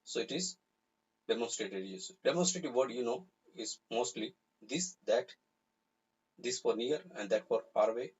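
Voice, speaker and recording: A man teaches a live grammar class in a deeply husky, breathy voice. He explains patiently and repeats each example sentence. The recording sounds somewhat muffled and lo-fi. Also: moderate pace. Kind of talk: live online grammar lesson. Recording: slightly dull, lo-fi recording.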